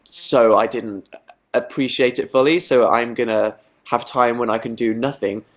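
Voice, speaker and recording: A young adult man from Britain hosts a laid-back livestream, reading viewer comments and adding self-mocking remarks. He speaks at medium pitch and a moderate pace.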